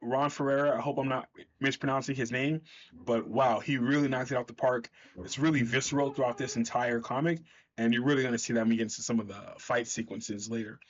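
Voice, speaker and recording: A man's voice: mid-range voice, steady tone, brisk. Give me a chatty man recapping a comic with enthusiasm, slightly lo-fi sound. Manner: chatty, enthusiastic, self-correcting. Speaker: comic book reviewer.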